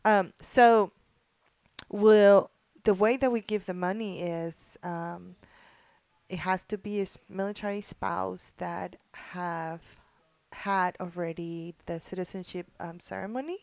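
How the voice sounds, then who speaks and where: A middle-aged woman with a fairly low voice tells a story in an earnest, heartfelt way, pausing often with ums and restarting her sentences. The recording is dry, with no room sound. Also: fairly even intonation, creaky, darkish tone, no echo. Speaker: organizer of a military spouse program. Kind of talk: casual conversational storytelling.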